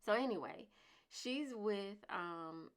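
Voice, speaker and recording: This woman in her thirties vlogs casually at a slow pace, her mid-range voice carrying lively intonation. She speaks with emphasis, driving her points by repeating them forcefully.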